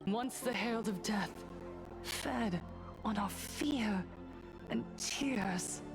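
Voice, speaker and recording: Game role: a solemn woman preacher, unhurried and steady. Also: medium pitch. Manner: calm, solemn, measured preaching. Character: serene female preacher rallying a crowd. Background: game music.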